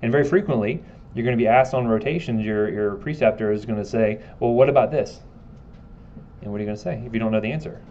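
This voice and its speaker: A man's voice: lowish voice, very fast, darkish tone, dull audio, a little hiss or hum. A man giving a casual classroom lecture, joking and asking his students questions.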